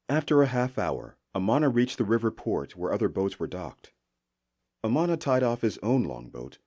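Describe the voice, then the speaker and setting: A man narrating a fantasy audiobook with expressive storytelling. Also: on the low side, husky.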